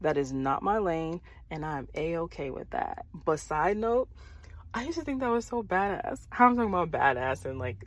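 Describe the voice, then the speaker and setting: A young adult woman talking casually and openly on her own podcast, animated and quick to laugh. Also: on the low side, no room sound. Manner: conversational, animated, laughs easily. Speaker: podcast host. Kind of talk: casual solo podcast talk about faith.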